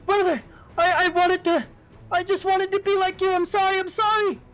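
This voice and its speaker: A man's voice: extremely high pitch, flat delivery, moderate pace, a bit bright, soft background music, voice pushed up. A man voicing a scared young boy who stowed away on a ship, pleading and apologizing.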